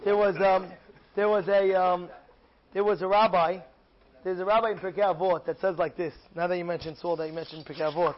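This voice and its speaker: A man teaching as a rabbi, telling a story with lively emphasis and frequent repetition. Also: high voice, fairly quick, lo-fi sound. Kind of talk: storytelling Torah lesson.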